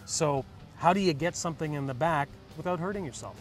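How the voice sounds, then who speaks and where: A man's voice: a little high, a little fast, faint music behind. A man co-hosting a car review show, explaining features in an enthusiastic, chatty way.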